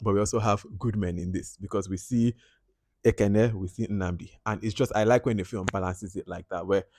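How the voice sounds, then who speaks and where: A man's voice: on the low side, a little fast, a little hiss or hum. A man with a Nigerian English accent giving a casual film review, animatedly acting out lines and dropping into pidgin. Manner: animated, acts out lines and quotes with mixed-in pidgin. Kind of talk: casual movie review to camera.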